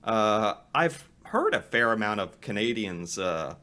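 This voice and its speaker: Lively, bright-voiced musing man. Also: on the low side, measured pace. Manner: musing, thinks aloud with restarts. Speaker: reaction video creator. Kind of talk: casual reaction commentary.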